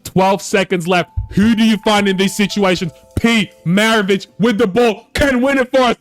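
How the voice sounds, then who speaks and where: A high-voiced man calls his basketball video game in rapid commentary. He swings from heated, cursing outbursts to flat, defeated muttering. Faint music plays behind him. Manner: swings from excited shouting to flat, defeated muttering, swears a lot. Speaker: gaming YouTuber.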